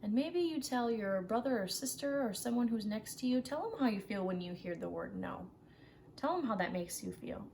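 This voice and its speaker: A woman teaching a children's social skills group online, talking in a gentle, encouraging way and often checking in with "right?". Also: medium pitch, slight background noise. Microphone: home computer mic for a virtual class.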